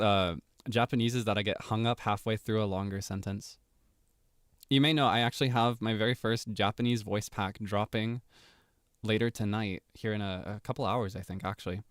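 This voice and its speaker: A man streaming, chatting casually from home in an animated, playful way with frequent laughter. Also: lowish voice, normal speed, dry recording, clean studio sound. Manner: animated and playful, laughs often, jumps between topics. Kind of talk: casual livestream chat.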